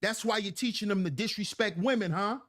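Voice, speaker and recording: A man's voice: high voice, fairly quick, a bit bright. A man hosting a livestream, commenting on clips and reading chat in a preachy, emphatic way that repeats lines for effect. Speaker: livestream host.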